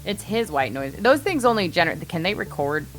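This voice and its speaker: A woman playing a tabletop game, talking in an animated, rambling way. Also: lowish voice, faint music behind. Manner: animated, rambling, quick to laugh. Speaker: player. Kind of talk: casual tabletop play.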